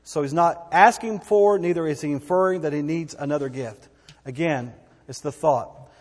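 A man's voice: a little high, moderate pace, long reverb tail. A man preaching a sermon as a pastor, in a conversational, folksy way with asides and repeated phrases.

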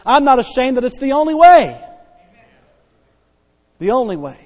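A man preaching a sermon as pastor, emphatic and repetitive, dropping soft then rising loud to stress his points. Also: extremely high pitch, big pitch swings, moderate pace, pauses often. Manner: emphatic preaching, repeats key phrases, swings between soft and loud. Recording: long hall reverb.

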